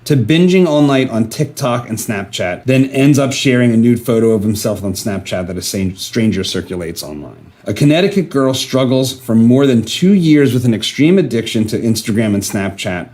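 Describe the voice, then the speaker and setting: A man's voice: mid-range voice, animated, moderate pace, hardly any pauses, a little mellow. A man hosting an interview, asking earnest, probing questions and reading quotes aloud. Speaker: podcast host.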